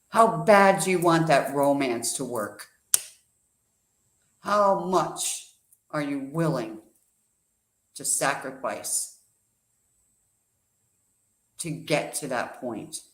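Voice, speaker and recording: A man's voice: fairly high pitch, a bit bright. A man giving an emphatic motivational talk, full of rhetorical questions and a told parable. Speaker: guest speaker. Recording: echoey room.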